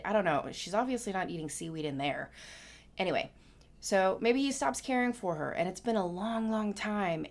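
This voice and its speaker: A woman casually making up a story as she talks, rambling and musing with lots of hedges. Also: fairly low pitch. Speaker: painting vlogger.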